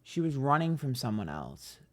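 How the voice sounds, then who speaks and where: A man doing a tarot reading to his viewers in a loose, rambling way. He trips over his words and repeats himself, then pushes hard with blunt, swearing emphasis. His pitch sits in an ordinary middle range for a man. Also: big pitch swings, moderate pace, fairly bright tone. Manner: rambling, hesitant, emphatic and profane. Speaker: psychic tarot reader. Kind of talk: casual tarot reading to camera.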